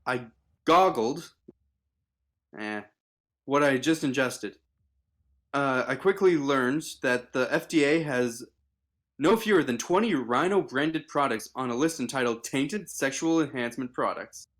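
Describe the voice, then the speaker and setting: A man's voice: medium pitch, animated, unhurried, a bit bright. A man reading an article aloud on a casual livestream, stumbling with fillers and restarts.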